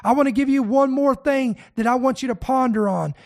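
Fervent high-voiced preacher. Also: fairly quick, darkish tone. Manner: fervent, exhorting, addresses listeners directly. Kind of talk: sermon with scripture reading.

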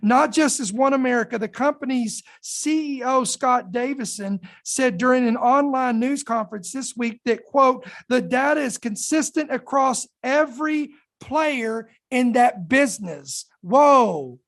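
A woman hosting a podcast, reading news aloud in a fairly high voice. She leans hard on key numbers and slows down so they sink in. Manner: emphatic, dramatic pauses, slow deliberate emphasis. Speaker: podcast host.

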